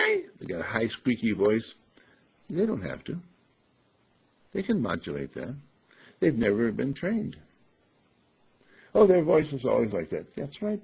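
A man teaches clear speech in an earnest, deliberate way, often clearing his throat. His low voice is very husky and gravelly. The recording is dull and lo-fi. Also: darkish tone. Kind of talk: instructive talk on clear speech.

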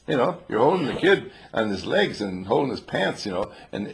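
An older man with a very deep, gravelly voice tells rambling, humorous stories to a small group. He talks playfully, chuckles often and drops old-fashioned exclamations. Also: expressive, normal speed, hardly any pauses.

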